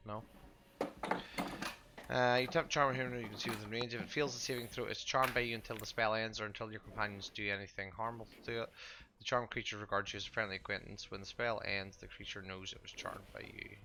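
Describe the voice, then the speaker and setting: A man's voice: fairly low pitch, steady tone, fast, sharp tone. A man narrating as game master of a tabletop game, often hesitant and muttering to himself.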